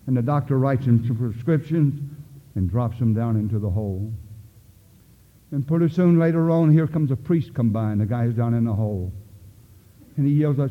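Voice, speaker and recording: An older man with a mid-range voice tells his story at a recovery meeting at a moderate pace, folksy and plain-spoken, as personal testimony. The recording sounds tinny and phone-like in an echoey hall.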